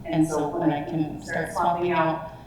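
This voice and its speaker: A woman with a fairly low voice tells her story to an audience in a reflective, unhurried way, pausing to find words. She sounds distant and roomy, like a talk in a museum hall. Listeners murmur in the background. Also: flat delivery, over a noisy crowd. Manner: reflective, personal, searching for words. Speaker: language team presenter. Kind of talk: public talk with audience questions. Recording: echoey room, far from mic.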